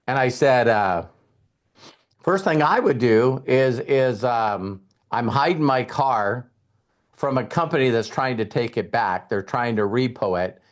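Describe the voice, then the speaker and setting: Retelling an old conversation for an audience, a male motivational speaker keeps his tone chatty and stresses key points. His voice sits at medium pitch, lively but unhurried.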